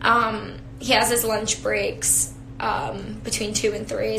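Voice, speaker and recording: A woman's voice: mid-range voice, little pitch movement, slow, creaky, noisy background. A young woman chatting casually with viewers on a phone live stream, talkative and giggly, with lots of fillers. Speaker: beauty influencer. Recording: echoey room, faint ambience.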